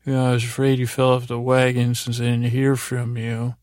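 A man's voice: mid-range voice, monotone, a little fast, hardly any pauses, darkish tone, no room sound, clean studio sound. A man hosting a sleep podcast, loosely retelling TV scenes in a meandering bedtime ramble.

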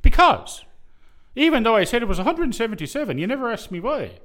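A man's voice: very animated, fast talker, a bit bright, heavily acted. A man putting on a playful Irish accent as a jovial stage Irishman. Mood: jokey. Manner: hammy, playful, high-pitched. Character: jovial stage Irishman, middle-aged male.

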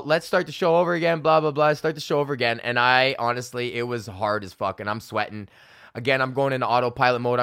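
A man's voice: mid-range voice, smooth, no room sound, studio quality. A man in his thirties, a comedian hosting his own podcast, telling a casual, swear-heavy story from his home office, often acting out the people he quotes. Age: 30s. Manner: profane, animated, quoting people in put-on voices.

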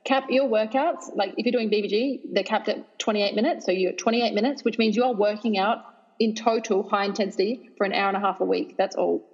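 A woman's voice: mid-range voice, brisk, in a large hall, lo-fi sound. Upbeat Australian woman fitness trainer. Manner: energetic, emphatic, laughs easily. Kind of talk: podcast interview.

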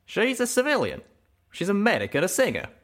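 A man's voice: sits high, fairly quick, voice pushed up, exaggerated voice. A man doing a drawling pegasus gunslinger. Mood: defensive. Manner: folksy twang, animated and emphatic. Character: drawling male pegasus pony gunslinger, earnest and boastful.

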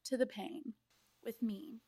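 A woman's voice: a little high, fairly even intonation, takes it slowly, dark tone, no echo. A woman co-hosting a podcast, talking in a casual, playful way. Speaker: podcast co-host. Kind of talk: casual chat.

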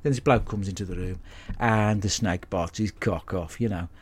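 A man hosting a podcast, recapping a film in a sweary, deadpan, blokey monologue. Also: low-pitched, normal speed, breathy edge. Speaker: podcast host. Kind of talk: comic film review monologue.

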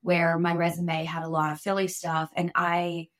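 A woman's voice: fairly low pitch, completely flat delivery, moderate pace, a bit bright, dry recording. A woman co-hosting a podcast, talking frankly and bluntly in casual conversation. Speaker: podcast co-host. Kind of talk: casual chat.

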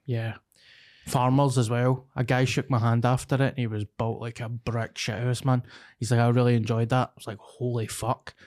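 A man's voice: medium pitch, flat delivery, normal speed, darkish tone. A man with a Scottish accent chatting casually on a podcast, telling stories with lots of swearing and laughs. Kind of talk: casual chat.

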